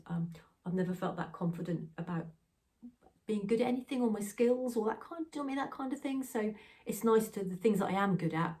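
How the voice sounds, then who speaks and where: A woman's voice: lowish voice, dark tone, far from the mic. A woman from England hosting her craft channel, chatting in a rambling, self-deprecating way with frequent laughs and getting tearful. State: tearful, emotional. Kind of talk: casual chatty vlog.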